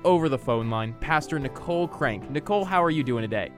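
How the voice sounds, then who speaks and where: A man's voice: fairly high pitch, lively intonation, fast, fairly bright tone, soft background music. Upbeat man hosting a podcast interview. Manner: upbeat, eager questions. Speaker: podcast host.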